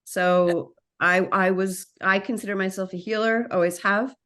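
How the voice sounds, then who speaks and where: A woman's voice: mid-range voice, normal speed. Chatty woman telling a story. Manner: chatty, animated, sidetracks and restarts. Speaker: guest, massage therapist and actor. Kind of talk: casual storytelling chat.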